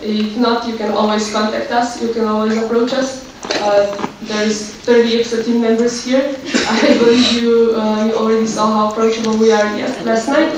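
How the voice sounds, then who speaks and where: A woman's voice: a little high, flat delivery, normal speed, few pauses. A woman from a student association wrapping up her presentation, friendly, with small laughs. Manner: friendly, laughs between lines. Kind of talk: presentation wrap-up. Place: large lecture hall. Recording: echoey hall, distant mic, noisy.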